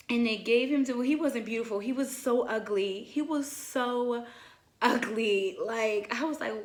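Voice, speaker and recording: A young woman casually telling a personal story, acting out her own past words with lively asides. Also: a little high, moderate pace. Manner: animated, quotes herself in lively asides. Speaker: vlogger. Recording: roomy echo.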